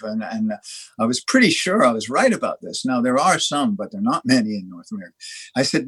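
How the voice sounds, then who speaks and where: A man from Canada, a dry stone waller guest, telling stories in a halting way with many restarts and lively quoted dialogue. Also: medium pitch, breathy edge. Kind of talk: conversational storytelling.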